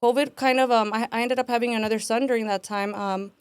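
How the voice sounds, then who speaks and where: On the high side and talking fast, a young woman in her twenties relates her life story as an interview guest. Her smooth voice stays casual and animated as she acts out quotes and keeps saying "like" and "man," with no echo in the recording.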